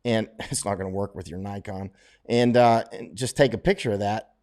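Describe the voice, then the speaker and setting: A middle-aged American man from Florida rambles casually while answering viewer questions on a livestream, frequently restarting and laughing. His voice is on the low side and a little mellow, with fairly even intonation and a moderate pace.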